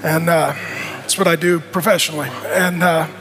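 A middle-aged male pastor giving a sermon, preaching emphatically in repeated rhythmic phrases, rising to shouts and dropping to soft, intimate tones. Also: fairly high pitch, fairly even intonation, normal speed, music in the background. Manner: rises to shouts at peaks, drops soft and intimate.

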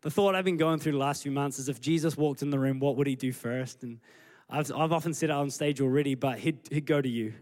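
A man preaching a sermon as pastor, retelling scripture with lively acted-out dialogue. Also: mid-range voice, fast. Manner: animated storytelling, acting out scripture scenes.

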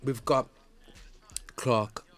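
A man hosts a radio talk show in a relaxed, joking way. He repeats words and drops in fillers often. His voice sits in an ordinary middle pitch. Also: extremely slow, dry recording. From United Kingdom. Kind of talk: casual chat.

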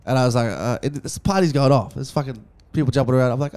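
A young man rattles off a party story at a quick clip, his voice at a middling pitch. He swears constantly and slips into the voices of the people he quotes, the way a casual podcast host keeps a story rolling. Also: lively intonation, a little mellow. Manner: fast, swearing, acts out dialogue.

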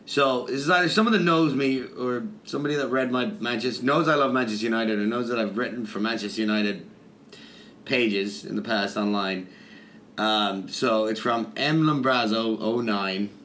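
A man's voice: mid-range voice, normal speed, a bit bright, slight background noise. A man co-hosting a casual podcast, teasing his partner and reading out a listener review. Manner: laughing, teasing, profane. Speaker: podcast co-host.

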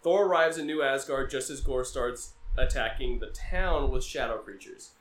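A man's voice: mid-range voice, moderate pace, a bit bright, echoey room. A man casually recapping a movie scene by scene, acting out the characters' lines and laughing along. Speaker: podcast host.

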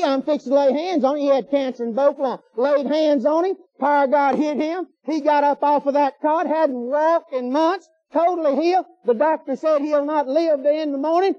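A man's voice: very high-pitched, no echo. A man preaching a sermon in a folksy, emphatic way, firing off rhetorical questions. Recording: dull lo-fi sermon recording.

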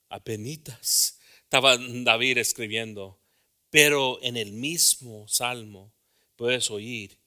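A man preaching an informal sermon, talking conversationally and checking in with the congregation, then building to loud, fervent exhortation. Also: mid-range voice. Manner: conversational, often asks the congregation "right?".

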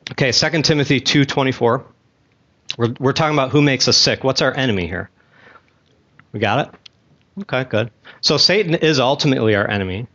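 A man's voice: mid-range voice, a bit bright, lo-fi sound. Chatty man teaching a church class. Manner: conversational, chatty asides, asks the class questions; talks with gum in his mouth. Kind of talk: casual Bible teaching to a class.

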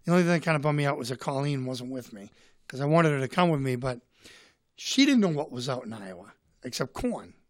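A man's voice: mid-range voice, sing-song, a little fast, no echo, clean studio sound. A man from Boston with a Boston accent, a comedian telling stories as a guest in a casual, rambling way, fighting a cold. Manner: rambling, chatty. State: has a cold. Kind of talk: casual storytelling.

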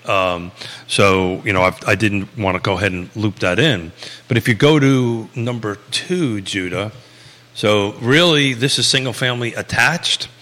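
A man's voice: fairly low pitch, a little slow, pushed and bright, in a large hall. A man in his sixties with a Long Island New York accent, hosting a live real estate talk show in a loose, rambling way with many fillers and restarts.

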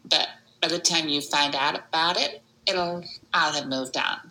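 A woman voicing a spacey, trend-chasing Valley girl with a Valley accent, drawling and breathy, saying "like" constantly. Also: sits low, moderate pace, pushed and bright, a little hiss or hum, low-quality recording. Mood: airy. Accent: Californian Valley.

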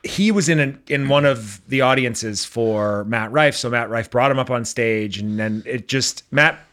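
Man, podcast co-host, casual chat, rambling storyteller. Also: medium pitch. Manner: rambling, animated storytelling with quick impressions.

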